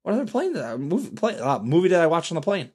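Hoarse, lively man hosting a podcast. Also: a little high, fast talker. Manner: animated storyteller, laughs often. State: hoarse from screaming. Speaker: podcast host. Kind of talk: casual solo podcast chat.

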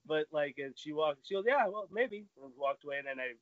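A man telling dating stories in a casual chat, laughing often and acting out quotes in a higher voice. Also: little pitch movement, fast, no echo. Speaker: podcast guest. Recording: dull lo-fi sound.

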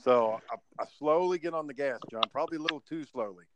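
A man's voice: fairly high pitch, fast talker, noisy background. A man telling a story in casual podcast chat, cursing freely and acting out his own past lines. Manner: swearing, animated storytelling.

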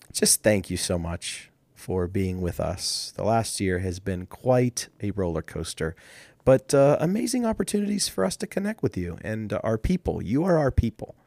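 Upbeat podcast guy with a lowish voice, friendly sign-off, dry mic. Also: darkish tone, no echo. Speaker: co-host. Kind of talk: casual podcast chat.

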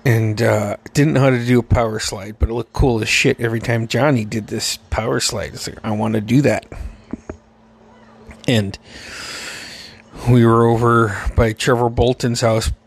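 Brief: male podcast host, gravelly voice, mid-pitched, loose and profane storytelling. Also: steady tone, normal speed. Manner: profane, rambling, laughing often. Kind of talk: casual storytelling.

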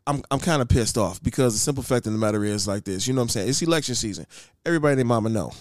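A man's voice: medium pitch, animated, racing, dry recording, clean studio sound. A man co-hosting a casual comedy podcast, ranting and mocking the people he quotes. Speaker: podcast co-host.

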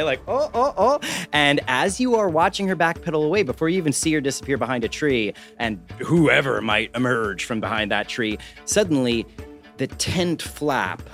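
A man narrating a tabletop game as game master, playful and animated. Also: medium pitch, brisk, faint music behind.

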